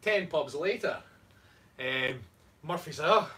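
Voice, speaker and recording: Lively bright Scottish man. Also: mid-range voice, brisk. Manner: playful, jokey storyteller. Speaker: co-host, fitness coach. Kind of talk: casual chat. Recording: distant mic, faint room noise.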